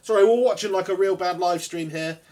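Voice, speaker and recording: A man's voice: high-pitched, fairly quick, crowd noise. A man hosting a casual football watch-along stream, joking around and reading viewer comments aloud. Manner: jokey, laddish, reads viewer comments aloud. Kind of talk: casual live match commentary and banter.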